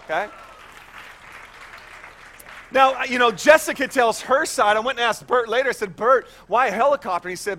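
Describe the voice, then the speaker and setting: A man in his thirties preaching a sermon, telling a personal story in a chatty, animated way with many restarts. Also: very high voice, a little slow, long pauses, some chatter behind, a little hiss or hum. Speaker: pastor.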